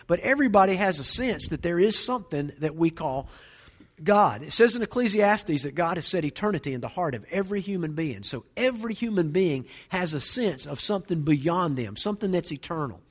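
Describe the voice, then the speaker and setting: Quick-talking male pastor preaching. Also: a little high, lively intonation, husky. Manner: conversational preaching with storytelling asides. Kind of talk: sermon.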